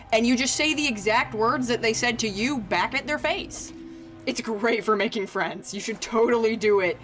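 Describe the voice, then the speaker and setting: With a medium-pitched, slightly bright voice, an American woman gives casual gameplay commentary on stream. She's chatty and self-mocking, swearing freely and laughing often as she talks to viewers.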